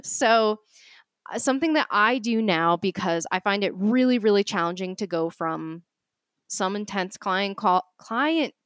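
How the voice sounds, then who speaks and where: A woman's voice: medium pitch, animated, normal speed, fairly bright tone, no echo. Casting: woman, Boston accent, chatty podcast co-host, practical, dry close sound. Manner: chatty, giggly, practical advice-giving. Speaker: podcast co-host, nutrition coach. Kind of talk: casual chat.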